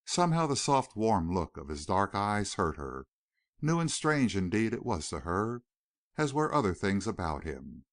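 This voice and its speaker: A man with a fairly low, sing-song voice narrates a novel as an audiobook reader, telling the story expressively at a slightly slow pace. It's scripted narration, recorded at studio quality with no echo.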